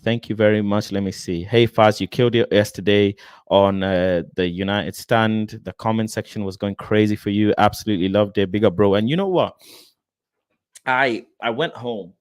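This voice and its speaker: A young man hosting a casual livestream, reading viewers' comments aloud and reacting with lively, expressive energy. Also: on the low side, fairly quick, clean tone, no room sound, studio quality. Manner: animated, expressive, laughs often, addresses viewers by name. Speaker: livestream host reading chat.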